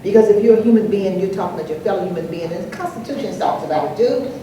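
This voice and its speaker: An older woman speaking on an anniversary panel, an animated storyteller who acts out the dialogue in her anecdotes. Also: medium pitch, rapid-fire, highs cut off. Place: large echoey hall, live event. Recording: echoey hall, distant mic, faint noise.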